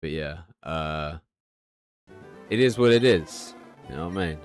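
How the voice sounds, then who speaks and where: A man's voice: a bass voice, animated, measured pace, soft background music. A young man streaming and chatting candidly, confiding and swearing freely. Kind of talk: casual live-stream chat.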